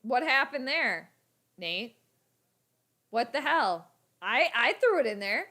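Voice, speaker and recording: A woman hosting a casual sports livestream, talking chattily to her viewers in an animated way. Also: a little high, slow pace. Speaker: sports channel host.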